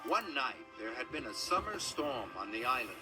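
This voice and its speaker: A man reading a children's train story aloud in a gentle, expressive storytelling manner. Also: medium pitch, moderate pace. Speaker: narrator. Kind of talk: storybook narration. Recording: music playing underneath.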